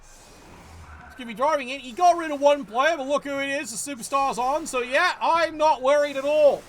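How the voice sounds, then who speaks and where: High-pitched man commentating. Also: normal speed, a bit bright, slight background noise. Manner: profane, exasperated, scolding the players. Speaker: game commentator. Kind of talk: live play-by-play commentary.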